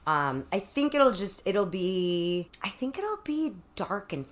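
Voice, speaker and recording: A woman's voice: medium pitch, sing-song, slow pace. A woman guest in a candid interview, speaking frankly and filling her talk with "like". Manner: frank, heavy use of "like", acts out quoted voices. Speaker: podcast guest, author.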